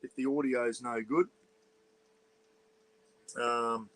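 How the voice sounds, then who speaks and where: This Australian livestream host talks slowly with fairly even intonation and a slightly bright voice, rambling casually into an iPad in a small caravan. He names and greets viewers, reads their comments aloud, and keeps his voice low for the neighbours; the recording is rough.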